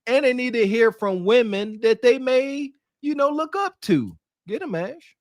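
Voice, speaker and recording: A high-voiced man gives hyped, slangy commentary as a podcast co-host. His voice is dry and close to the mic. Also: a little slow, no room sound. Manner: animated, hype, slangy.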